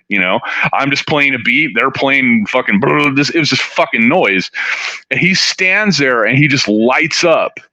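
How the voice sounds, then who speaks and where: A man's voice: mid-range voice, bright, forceful tone, no echo. A middle-aged man from Southern California, telling a long story as an interview guest in a rambling, profane way, full of "you know". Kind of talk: casual storytelling. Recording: dull, dry studio sound.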